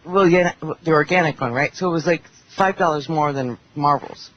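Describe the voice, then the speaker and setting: Heard through dull internet radio with a faint hiss, a woman with a deep voice speaks fairly quickly as a panelist in a casual roundtable chat. She's blunt and talkative, going on at length and imitating people in animated voices.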